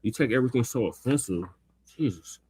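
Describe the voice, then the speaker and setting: A man's voice: mid-range voice, expressive, brisk, darkish tone, slightly rough, dry recording. A man on a casual talk show who chides and teases a fellow panelist. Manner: teasing, chiding banter.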